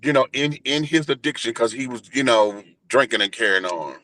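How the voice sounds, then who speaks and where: A man in his forties telling a personal story in an animated, flamboyant, profane way during a casual interview. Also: medium pitch, brisk, no room sound. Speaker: guest, entertainer and radio host.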